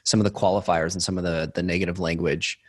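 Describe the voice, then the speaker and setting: A man co-hosting a podcast in relaxed, chatty, self-deprecating conversation with his guest. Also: low-pitched, quick pace. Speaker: podcast co-host. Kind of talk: casual interview chat.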